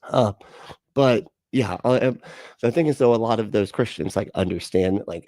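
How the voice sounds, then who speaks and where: A man's voice: mid-range voice, brisk, a little mellow, no echo. A man hosting a livestream, reacting to a clip in a sarcastic, profane, exasperated ramble full of fillers. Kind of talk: casual reaction commentary.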